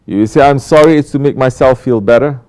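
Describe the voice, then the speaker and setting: A man's voice: medium pitch, brisk, a little mellow. Male Sufi teacher, mid-range voice, emphatic preaching with rhetorical questions. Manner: rhetorical questions, emphatic, mocking quoted apologies. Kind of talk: sermon.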